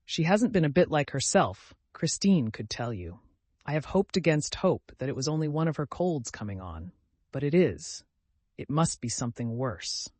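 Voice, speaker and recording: A man's voice: fairly high pitch, very animated, normal speed, a little mellow, no echo. A man voicing a moaning, tearful mother. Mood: distressed. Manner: moaning, plaintive. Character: anxious tearful middle-aged mother.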